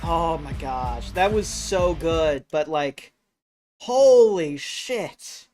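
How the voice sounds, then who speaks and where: A male streamer gives excitable reaction commentary full of exclamations and swearing. He talks at an unhurried, drawn-out pace with a slightly raised pitch. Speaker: streamer host.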